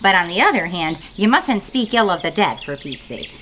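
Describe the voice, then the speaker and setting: A woman's voice: fairly low pitch, sing-song, moderate pace, fairly bright tone, slight background noise. A woman playing a folksy Minnesota field reporter with an Upper Midwest accent. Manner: folksy, exaggerated sing-song.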